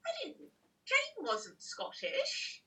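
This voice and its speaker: A woman with a high, very bright voice, polite and gently concerned as she hesitates through an improvised comic call. She sounds distant from the microphone. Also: huge pitch swings, takes it slowly.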